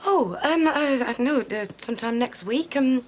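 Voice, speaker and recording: A nervy woman stumbling over her words, bit high, faint hum behind. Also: animated, normal speed. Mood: flustered. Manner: hesitant, nervous, stumbling. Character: flustered woman arranging a date. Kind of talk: TV soap acting.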